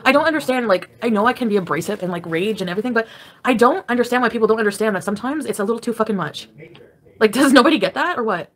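Woman, casual livestream rant from bed, combative and profane, talks quickly. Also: fairly high pitch, animated. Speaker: livestreamer ranting to viewers. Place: at home, lying in bed.

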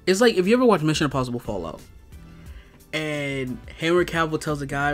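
A man's voice: a little high, very animated, moderate pace, faint music behind. A man giving an exasperated, profane rant in a video review, stuffing his talk with "like". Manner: exasperated, profane, heavy use of "like". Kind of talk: ranting review.

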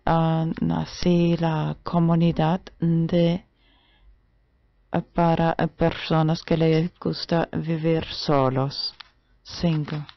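Woman vlogging slow and hesitant, low flat gravelly voice, dull lo-fi sound. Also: no room sound. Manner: hesitant, switching between English and Spanish, soft asides. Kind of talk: casual bilingual vlog talk.

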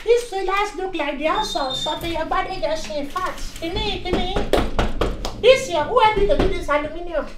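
A man's voice: extremely high pitch, normal speed, heavy background noise. A man with a Nigerian accent playing a jovial, meddling preacher in a comic gospel film, moving between English and Yoruba. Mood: preachy. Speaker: pastor. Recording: echoey room with music bed.

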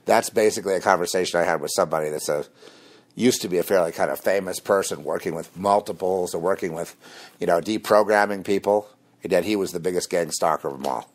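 A man hosting a rambling, combative monologue, dropping low and quiet when he confides. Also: brisk. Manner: rambling and combative, mocking laughs. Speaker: host. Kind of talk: spoken monologue on religion and conspiracy.

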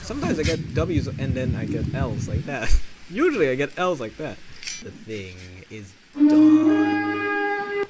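A man giving goofy, self-mocking gameplay commentary, bursting into yelps and shouts as he plays. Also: mid-range voice, wildly swooping pitch, normal speed, loud music behind the voice. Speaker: gamer.

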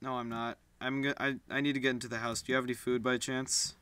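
A man's voice: medium pitch, flat delivery, quick pace, fairly bright tone, clear, resonant tone, dry recording. A man hosting casual gameplay commentary, easygoing and self-deprecating, politely asking his teammate for things as he plays. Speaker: gaming channel host.

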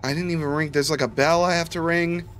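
A young man streaming a horror cooking game live, grumbling and swearing constantly, with sudden bursts of shouting. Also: fairly high pitch, fairly even intonation, fast, slight background noise. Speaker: gaming streamer. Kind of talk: live gameplay commentary.

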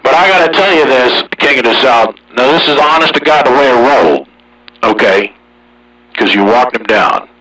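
A man talking casually over a CB radio, boastful and folksy, with a slow drawl. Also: mid-range voice, animated, sharp tone, slightly rough, far from the mic, poor audio. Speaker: CB radio operator hosting the channel.

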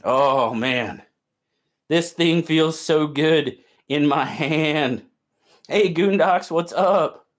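A man's voice: on the high side, extremely slow. A man hosting a casual live stream, cheerfully greeting viewers by name and chatting about their gear.

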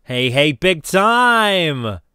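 A woman voicing a jovial adult male newspaper reporter with a hearty, drawn-out delivery. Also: rumbling low, sing-song, a bit bright, no room sound, studio quality, voice pushed down, exaggerated voice.

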